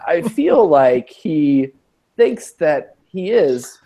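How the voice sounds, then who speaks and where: Male podcast host, slightly high-pitched, casual, steers the discussion. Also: big pitch swings, very slow, warm tone. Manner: leads the talk, hands off to others. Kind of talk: casual chat.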